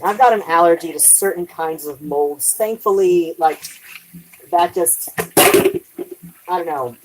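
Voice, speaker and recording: A woman with a low voice chats on a live stream from her kitchen while she does the dishes. She rambles from thought to thought, trails off mid-sentence and swears lightly. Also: slow, noisy background.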